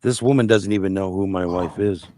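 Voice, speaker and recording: A man's voice: deep voice, brisk, a little mellow, dry recording, studio quality. A man telling a personal family story in casual conversation, blunt and profane. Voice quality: gravelly. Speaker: guest telling his life story.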